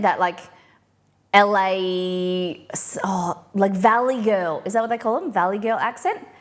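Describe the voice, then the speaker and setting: A young woman with a mild Australian accent, softened toward something more neutral, talking in a loose, rambling way as she hosts a live cooking stream. She answers her viewers' questions aloud in a mid-pitched voice, one thought running into the next. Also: steady tone, slow pace. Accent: mild Australian, mixed and softened. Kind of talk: casual live-stream chat.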